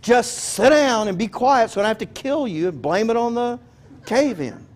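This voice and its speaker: A man's voice: very high voice, animated, normal speed. A man preaching a sermon in a conversational, joking way, often asking his listeners questions. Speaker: pastor.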